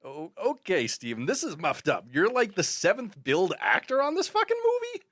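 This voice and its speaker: A man's voice: sits high, wildly swooping pitch, normal speed, fairly bright tone, no room sound, studio quality, voice pushed up, full character voice. A man voicing a cocky young actor who mocks his bossy co-star. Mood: mocking. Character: cocky, fast-talking young actor, mocking.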